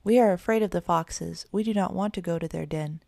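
A woman's voice: lowish voice, brisk, vocal fry, darkish tone, dry recording, clean studio sound. A woman voicing two timid little kittens who whine in fear. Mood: whiny. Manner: whiny and frightened.

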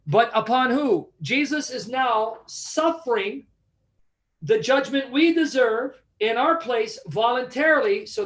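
A man leads a Bible study in a fairly high voice. He is emphatic and keeps quizzing his listeners to make sure they follow. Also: a bit bright. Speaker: Bible teacher.

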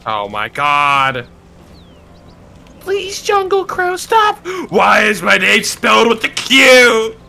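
Bright, exasperated man. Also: sits high, very animated, slow pace, vocal fry, faint music behind. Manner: exasperated reactions. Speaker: co-player, voice actor. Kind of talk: casual let's-play banter.

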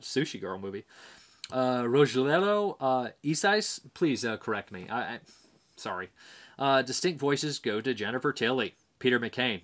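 A man's voice: medium pitch, a bit bright. A man hosting a movie review vlog, talking casually and rambling, with plenty of fillers as he reads out viewer answers. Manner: rambling, hesitant, many fillers.

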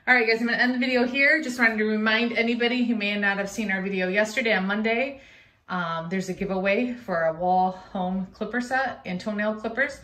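A woman's voice: medium pitch, brisk, sharp tone. A middle-aged woman chatting casually on camera as she grooms her dog at home, often slipping into a sing-song voice to talk to her pets. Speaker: pet vlogger. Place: home grooming area indoors. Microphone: handheld phone camera.

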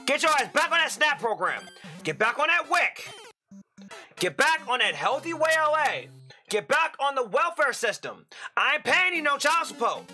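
A young man giving excitable gameplay commentary as a channel host, breaking into loud frustrated outbursts and crude jokes. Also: very high voice, moderate pace, faint music behind.

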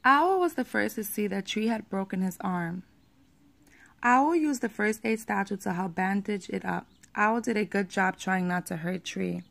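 A woman reading a children's picture book aloud at a steady pace, with the odd small slip. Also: medium pitch, moderate pace, gravelly.

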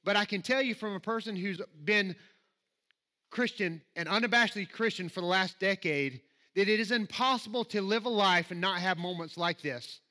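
A man's voice: sits high, normal speed, sharp tone. A man from Alabama with a Southern accent, preaching a conversational sermon in a church and reading scripture with rising emphasis. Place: church sanctuary.

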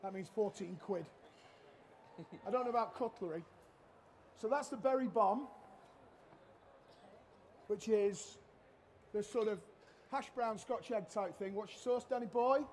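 A middle-aged chef with a strikingly high voice for a man, running a cooking demo on a trade show stage. He is a cheeky, loud-mouthed joker who teases his helpers and the crowd. Faint hall noise hums behind him. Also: a little slow, pauses often. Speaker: chef giving a cooking demonstration. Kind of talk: live cooking demo with banter.

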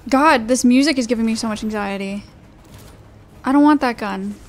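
A woman's voice: fairly high pitch, normal speed, faint music behind. A young woman streaming a shooter game, chatting anxiously to her viewers and repeating herself as she plays. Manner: anxious, repetitive, talking to chat while playing. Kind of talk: live gaming commentary.

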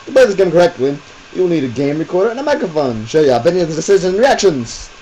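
A man's voice: a little high, sing-song, fast, dark tone, slight background noise, voice pushed up, low-quality recording. A man putting on an exaggerated accent to voice a theatrical male announcer reading out game text. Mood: grandiose. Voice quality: put-on accent, exaggerated and grand.

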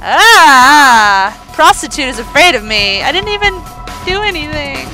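A woman commentating her gameplay, loud and hammy, shouting playful threats at the characters on screen. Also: sits high, sing-song, unhurried. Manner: talks to the game characters. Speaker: let's play host. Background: game music.

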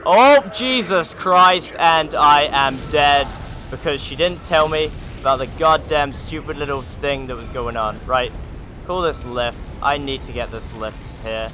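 A man's voice: fairly high pitch, a little slow, sharp tone. A man hosting a gaming channel, giving joking, sarcastic let's play commentary. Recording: game sound noise behind the voice.

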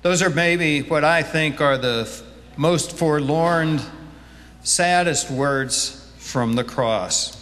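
Male pastor, slow and deliberate, church hall with long reverb. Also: fairly high pitch. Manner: slow, deliberate reading that turns animated in the sermon. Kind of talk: scripture reading and sermon. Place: church sanctuary.

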